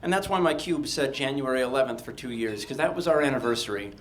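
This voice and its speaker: A man from Delaware telling a funny personal story live, in a wry, animated way with a comic sense of timing. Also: mid-range voice, fast talker. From Delaware, USA.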